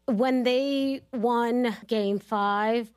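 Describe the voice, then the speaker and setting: A woman's voice: on the high side, drawn-out words. A middle-aged woman, telling stories in casual chat on a live show. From New York City. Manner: animated storyteller, acts out quotes. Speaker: podcast host guest.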